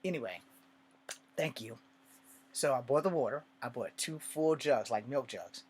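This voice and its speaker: A man's voice: mid-range voice, a little slow, darkish tone, slightly rough. A man telling a personal story in a casual, rambling way, swearing often and drifting into asides. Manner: rambling and profane, with many asides.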